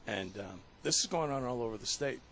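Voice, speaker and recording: A man hosting a talk radio show, telling a story in an earnest, emotional way with halting restarts. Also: medium pitch, lively intonation, fairly bright tone, slight background noise.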